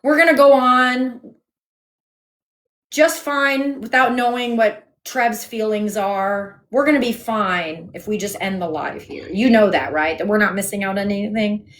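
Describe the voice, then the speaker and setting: A woman's voice: mid-range voice, unhurried, a bit bright. A woman hosting a phone livestream from home, firm and sarcastic as she talks over her guest in a heated debate. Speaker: livestream host.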